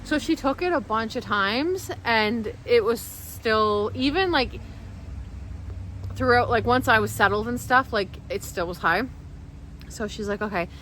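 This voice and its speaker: A woman's voice: on the high side, measured pace, pushed and bright, a little hiss or hum, poor audio. A woman vlogger telling a personal story in casual, emotional, rambling speech full of restarts.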